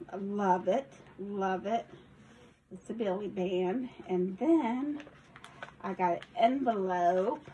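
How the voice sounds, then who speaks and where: Slow, chatty woman crafter. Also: mid-range voice, dull audio, a little hiss or hum. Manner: chatty, rambling, with frequent ums and self-corrections. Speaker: craft shop owner showing a handmade journal. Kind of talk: casual craft video walkthrough.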